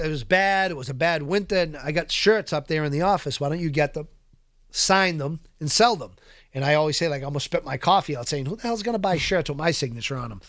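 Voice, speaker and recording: A man who is a podcast guest, telling prison stories in an animated, profane, streetwise way in a casual interview. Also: on the high side, dry recording, clean studio sound. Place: podcast studio.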